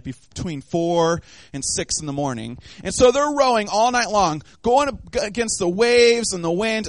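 A man with a high, very lively voice delivers a sermon, acting out the voices of the characters. The sound is dry and close, with no room around him. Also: no room sound. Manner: animated, acts out voices of the disciples and of God. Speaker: preacher.

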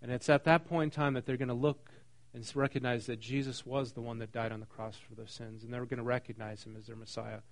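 A man preaching a casual, conversational sermon, often asking his listeners questions and pausing with "um". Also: medium pitch, flat delivery. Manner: conversational, asks the room questions, frequent ums. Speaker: pastor.

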